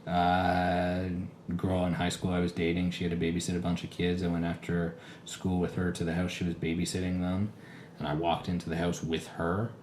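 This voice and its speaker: A man in his thirties co-hosting a casual podcast, telling animated, self-mocking stories. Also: sits low, normal speed. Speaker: podcast co-host. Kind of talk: casual chat. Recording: echoey room with faint background noise.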